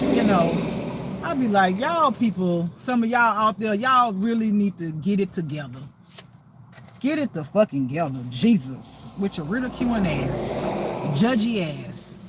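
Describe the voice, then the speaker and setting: A woman's voice: mid-range voice, noisy background. A woman who reads tarot as a spiritual reader, talking to viewers in a blunt, profane, laughing rant. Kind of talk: casual unscripted monologue to viewers.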